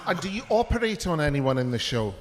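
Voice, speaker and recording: A man's voice: on the high side, fast talker. Teasing male talk show co-host. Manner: teasing, deadpan asides. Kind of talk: live comedy talk show. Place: small live venue with audience. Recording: live venue with long reverb.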